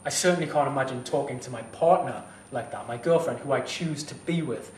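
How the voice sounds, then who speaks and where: A man's voice: mid-range voice, brisk, reverberant, far from the mic, a little hiss or hum. A fitness instructor talking straight to camera, heated and blunt, swearing as he gives advice. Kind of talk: direct-to-camera advice vlog.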